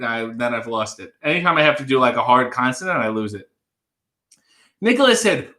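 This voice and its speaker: A man's voice: mid-range voice, big pitch swings, brisk, sharp tone. A man hosting a casual livestream, reading viewer comments aloud and answering with wry, joking asides. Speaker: livestream host.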